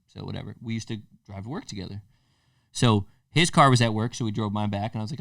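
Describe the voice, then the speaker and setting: A young man co-hosting a casual podcast, animated and profane as he acts out the people in his stories. He sits a little away from the mic in a dry, dead room. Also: fairly low pitch, fast, creaky, no echo, distant mic. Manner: animated, swears freely, acts out quotes. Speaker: podcast co-host. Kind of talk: casual storytelling chat.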